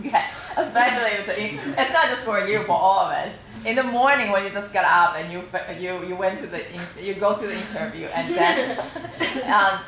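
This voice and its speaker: A woman's voice: mid-range voice, fairly bright tone, a little hiss or hum. A woman teacher giving feedback to students after practice interviews, coaching with frequent "okay" and acting out example phrases. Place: classroom. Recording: echoey classroom, faint ambience.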